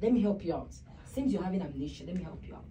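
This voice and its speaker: A woman's voice: on the low side, expressive, racing, dark tone, natural voice. A young woman acting a bossy, neglected wife in a web skit, commanding and scolding, then complaining bitterly. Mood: aggrieved.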